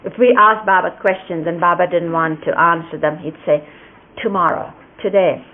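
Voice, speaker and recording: An older woman gently recalling a teacher's hand gestures, explaining each one at an unhurried pace. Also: lowish voice, fairly even intonation. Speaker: speaker recalling a spiritual teacher. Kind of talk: reminiscing explanation. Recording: lo-fi phone-like archive recording with faint hiss.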